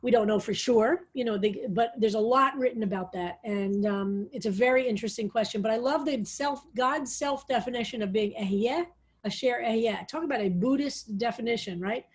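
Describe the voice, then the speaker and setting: A woman rabbi leading an online psalm study, reading verses aloud slowly and explaining them with thoughtful enthusiasm. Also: fairly high pitch, breathy edge. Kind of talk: online text study class.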